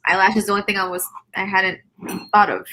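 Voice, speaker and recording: A woman's voice: medium pitch, steady tone, quick pace, pushed and bright, slight background noise, poor audio. A woman chatting casually as a guest on a live makeup stream over a video call, giggling often and trailing off mid-sentence. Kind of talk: casual chat.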